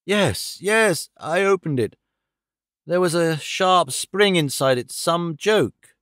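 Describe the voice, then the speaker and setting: A man voicing a male detective pretending to be dying, speaking faintly and slowly with gasps. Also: a little high, expressive, fairly bright tone, dry recording, clean studio sound. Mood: feeble. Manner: faint, gasping, slow.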